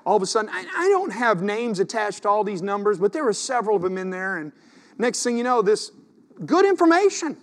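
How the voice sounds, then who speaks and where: A middle-aged man, a pastor preaching a sermon in a conversational way, asking the congregation questions and dropping to hushed asides. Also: high-pitched, lively intonation, fast talker.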